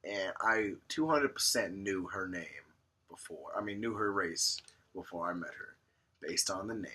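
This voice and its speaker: A man's voice: low-pitched, moderate pace, bright, forceful tone, breathy edge. A man co-hosting a podcast in casual chat, telling stories playfully with slang. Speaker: podcast co-host.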